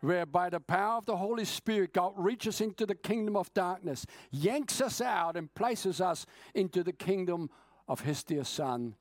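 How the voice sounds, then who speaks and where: A man preaching an evening sermon, earnest and urging, speeding up and slowing down to stress his points. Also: high-pitched, lively intonation, dry recording, studio quality.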